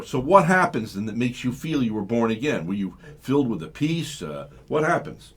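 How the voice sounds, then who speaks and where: A man's voice: mid-range voice, sing-song, normal speed, breathy edge. American man hosting a radio talk show. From United States. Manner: rambling, mimics voices mid-sentence. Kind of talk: live radio interview.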